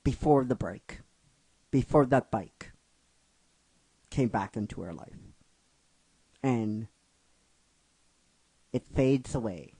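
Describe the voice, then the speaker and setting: A man retelling a fan-written story in an emotional storytelling recap, halting and restarting his phrases. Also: medium pitch, expressive, warm tone, husky, no room sound, low-quality recording. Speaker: narrator retelling a fan script.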